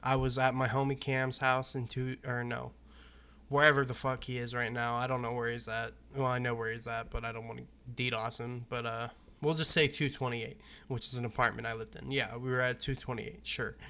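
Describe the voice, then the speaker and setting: Flat-toned, bright-voiced young man vlogging. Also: medium pitch, a little fast, smooth. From Arizona, USA. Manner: candid, loose, profane, rambling. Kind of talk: casual personal talk to camera.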